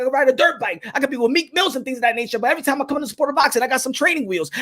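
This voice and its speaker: A man's voice: extremely high pitch, heavily acted. A man doing a fed-up young boxer, pleading and exasperated. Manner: pleading, exasperated, rising to shouts. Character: frustrated young male boxing star pleading with his promoter.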